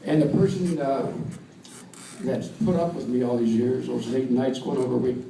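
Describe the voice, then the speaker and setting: A man's voice: medium pitch, fairly even intonation, moderate pace, creaky, a crowd in the background. An older American man, a wrestling coach, giving an earnest induction speech at an awards dinner, repeating his points for emphasis. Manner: earnest, storytelling, emphatic repetition. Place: banquet hall with audience. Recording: distant, echoey hall with faint room noise.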